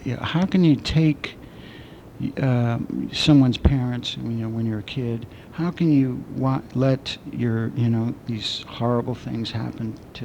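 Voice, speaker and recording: A middle-aged man speaking at a recovery meeting, telling his own story with candid, self-mocking dark humor. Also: mid-range voice, slight background noise. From southwestern United States. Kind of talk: personal recovery talk.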